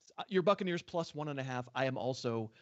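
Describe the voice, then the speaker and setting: A man's voice: medium pitch, quick pace, highs cut off. A man co-hosting a sports podcast, talking casually and jokily, laughing often. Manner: animated, jokey, laughs often. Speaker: podcast co-host. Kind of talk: casual sports betting chat.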